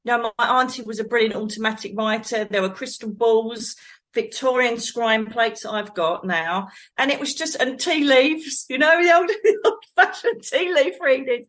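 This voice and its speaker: A middle-aged woman from England, a psychic medium guest telling her life story in a rambling, animated way, laughing often. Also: a little high, normal speed. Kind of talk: conversational storytelling.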